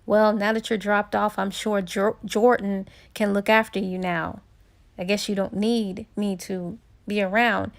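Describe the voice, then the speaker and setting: A woman voicing a jealous, indignant grown man in a book story, repeating his lines in a stammering, exclaiming way with a slightly lower, softer voice. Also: level tone, unhurried, gravelly. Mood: sulky.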